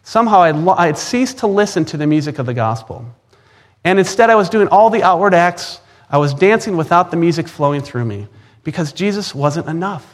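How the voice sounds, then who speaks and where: A man in his forties with an Upper Midwest American accent delivers a personal testimony sermon. His voice sits a little high for a man. He is earnest and emphatic, doubling up words when he drives a point home. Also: animated, a little fast. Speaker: preacher.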